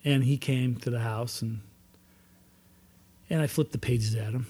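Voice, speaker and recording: Man, recovery meeting speaker, middle pitch, earnest testimony with repeated emphasis. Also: steady tone, measured pace, a little mellow, slightly rough. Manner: earnest storytelling, emphatic repetitions. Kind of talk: personal testimony talk.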